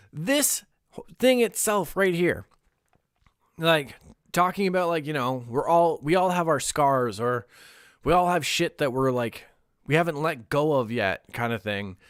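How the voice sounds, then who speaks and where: A man's voice: fairly high pitch, dry recording, studio quality. A young man chatting casually on a livestream, candid and rambling, swearing now and then and laughing often. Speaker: streamer.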